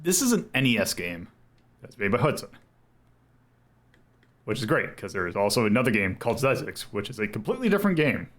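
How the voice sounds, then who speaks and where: Hosting a stream where he ranks retro games, this man has a lowish, fairly bright voice and talks a little fast, very animated, with frequent pauses. He rambles casually, corrects himself, and chuckles between thoughts.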